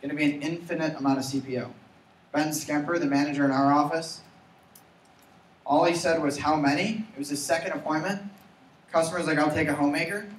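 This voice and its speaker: Energetic man giving a sales talk, echoey room. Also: on the high side, fairly quick, pauses often. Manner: energetic, asks audience to repeat. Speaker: sales trainer. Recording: roomy, from far off.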